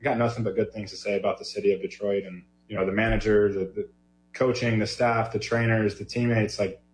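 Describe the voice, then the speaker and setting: A man, a professional baseball player, speaking haltingly and emotionally in an interview clip, full of restarts and "you know". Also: fairly low pitch, little pitch movement. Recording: roomy clip with faint background noise.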